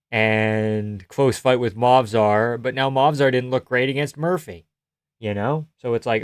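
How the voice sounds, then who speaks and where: A male streamer talks casually on a live stream, answering his chat in a loose, rambling way with plenty of swearing and laughter. His voice sits at an ordinary middle pitch and sounds close and dry, with no room echo.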